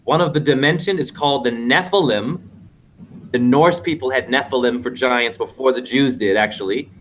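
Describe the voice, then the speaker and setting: A man's voice: mid-range voice, normal speed, slight background noise. A man hosting a casual online panel, lecturing in a rambling way with wordplay over a video call.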